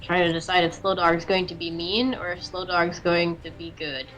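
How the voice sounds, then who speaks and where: A woman's voice: fairly low pitch, fairly even intonation, moderate pace, a bit bright, faint music behind, rough recording. A woman narrating as game master of a tabletop game, casual with frequent ums and light laughter. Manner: casual, giggly, many ums.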